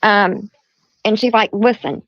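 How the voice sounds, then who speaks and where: A woman's voice: a little high, a little fast, no room sound. A middle-aged woman hosting a livestream, retelling a quarrel in quoted speech and repeating herself. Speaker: livestream host. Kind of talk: heated casual storytelling. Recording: dull lo-fi stream audio.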